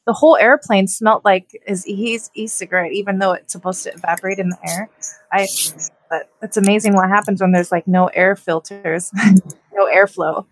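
A woman's voice: medium pitch, fairly even intonation, normal speed, no room sound, rough recording. A woman in casual chat, telling stories and laughing between them.

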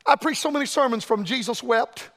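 An older man preaching a fiery revival sermon, his voice unusually high and ringing bright. He swings from shouts to hushed murmurs. The sound carries a long reverb from the church hall. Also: brisk. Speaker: evangelist. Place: church sanctuary.

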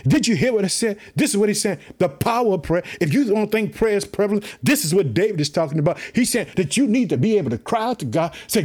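A man preaching a fervent sermon, his husky voice riding high and swinging widely in pitch. He repeats phrases, calls out to his listeners and slows right down when he reads scripture. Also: lively intonation, a little mellow. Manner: fervent, repetitive preaching with call-and-response.

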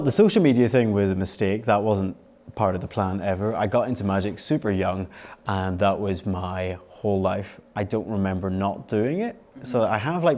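A man's voice: lowish voice, darkish tone. A young man, a magician and podcast guest, chatting casually and poking fun at himself. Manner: self-deprecating, quick to laugh. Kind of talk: casual interview chat.

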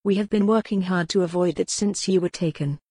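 A woman reading an audiobook voices a cool, mocking man who leads a sinister order, with a smooth, sardonic manner. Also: fairly low pitch, brisk, dark tone, dry recording, clean studio sound. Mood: cold.

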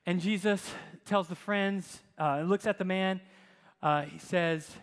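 A man preaching a sermon as pastor, telling stories with dramatic swings in loudness. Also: high voice, slow pace. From United States. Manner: animated storytelling, dramatic shifts in loudness. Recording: long hall reverb.

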